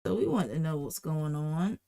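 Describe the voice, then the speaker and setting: A woman's voice: low voice, expressive, normal speed, gravelly, dark tone. A woman hosting a livestream, telling a casual, rambling story and repeating phrases for emphasis. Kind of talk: casual storytime while drawing.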